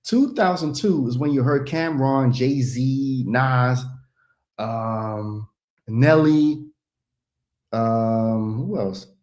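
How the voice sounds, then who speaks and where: A man's voice: medium pitch, drawn-out words, a little mellow. A man in his thirties from the Netherlands, a rapper chatting casually as a guest, telling stories in a loose, rambling way and laughing easily. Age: 30s. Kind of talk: casual chat on a stream.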